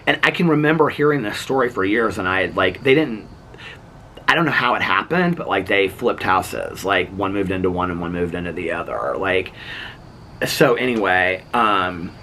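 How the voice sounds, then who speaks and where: A man vlogging, telling a long story in a chatty, animated way, full of "like" and "so anyway" and acting out what people said. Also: low voice, normal speed, slight background noise. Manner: chatty, animated, acts out other people's lines; filler-heavy, lots of "like" and "so anyway". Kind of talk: casual storytelling.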